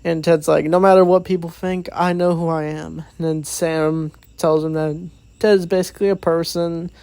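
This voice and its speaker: A man's voice: fairly high pitch, flat delivery, moderate pace, gravelly, darkish tone, smooth, no room sound. Rambling man recapping a movie plot. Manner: rambling, many fillers, acts out quoted lines. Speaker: movie reviewer. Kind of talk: casual spoken plot recap.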